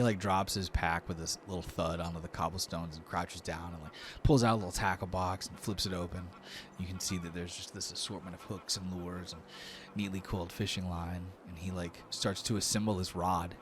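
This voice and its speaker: A man narrating a tabletop game as game master in a casual, animated way, with many likes. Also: low voice, fairly quick, a little hiss or hum.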